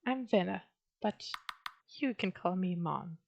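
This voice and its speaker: A woman voicing a gentle, lonely female witch who speaks in a soft, sweet, coaxing way. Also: lowish voice, expressive, takes it slowly, creaky, muffled recording, slight background noise, full character voice. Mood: soothing.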